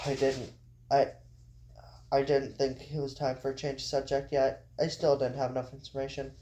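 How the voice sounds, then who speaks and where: A man's voice: mid-range voice, mellow, a little hiss or hum. A man reading his story aloud in an amateur style, stumbling and restarting, with casual asides. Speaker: narrator.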